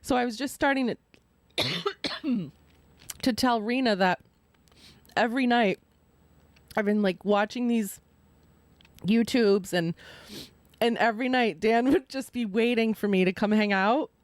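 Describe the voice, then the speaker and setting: A woman with a fairly high voice hosts a relaxed live stream from home. She talks in an animated, storytelling way and breaks into laughter often. Her voice sounds close and dry, with almost no room echo. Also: measured pace, pauses often. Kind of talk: casual chat.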